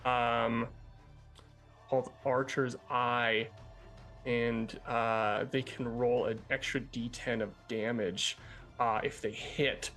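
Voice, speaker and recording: A man narrating a tabletop game as game master in a relaxed, filler-heavy way. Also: medium pitch, slow pace, faint music behind.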